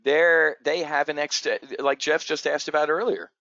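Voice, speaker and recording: A man's voice: fairly high pitch, little pitch movement, moderate pace, vocal fry, sharp tone, no room sound. A man hosting an options trading show, giving an unscripted, blunt and profane market rant full of stammered restarts. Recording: dull, dry lo-fi audio.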